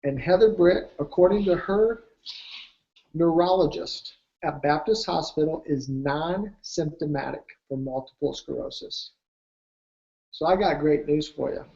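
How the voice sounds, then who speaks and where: A man's voice: fairly high pitch, a little slow, gravelly, darkish tone, muffled recording. A man presenting his weight loss program, telling emphatic motivational stories and acting out the dialogue. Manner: emphatic, acts out quoted dialogue. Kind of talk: motivational storytelling.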